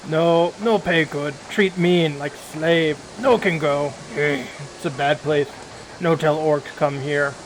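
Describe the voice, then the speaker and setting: A man voicing a downtrodden male orc factory laborer who talks in loud, broken grunts. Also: fairly high pitch, steady tone, slow, a little hiss or hum, rough recording. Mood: grumbling.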